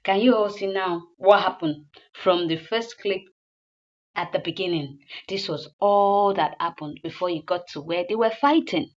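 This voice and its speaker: A woman's voice: lowish voice, normal speed, dull audio. A woman casually recapping a comedy episode in a chatty retelling. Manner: chatty, with many fillers and restarts.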